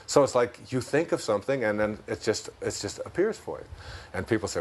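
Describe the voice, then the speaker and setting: A man's voice: on the low side, expressive, a little hiss or hum. Man with a Detroit accent, musing. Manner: storytelling, chuckles often, slows down for key ideas. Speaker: interview guest. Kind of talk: reflective spiritual conversation.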